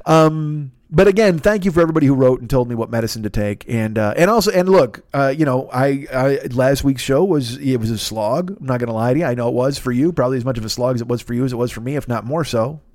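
Quick and animated, with barely a pause, this middle-aged man hosts a comedy podcast, spinning a rambling, profane story dotted with silly sound effects and voices in a casual comic monologue. His medium-pitched voice is a little mellow, and the clean studio recording has no echo.

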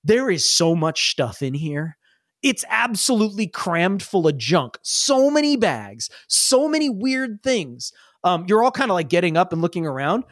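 Game master: a high-voiced man, rambling tabletop narration, dry mic. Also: big pitch swings, moderate pace, a bit bright, no room sound. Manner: rambling, full of fillers and restarts.

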